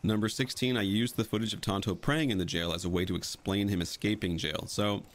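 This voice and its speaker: On the low side and steady in tone, a young man speaks fairly quickly as a video creator explaining his fan edit of a film. His voice-over commentary is casual and blunt, and he swears freely throughout.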